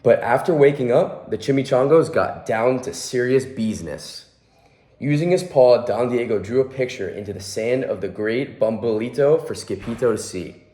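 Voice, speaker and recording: A man's voice: mid-range voice, normal speed, warm tone. A young man volunteering at a children's hospital, reading a picture book aloud and adding friendly asides about the pictures. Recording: echoey room.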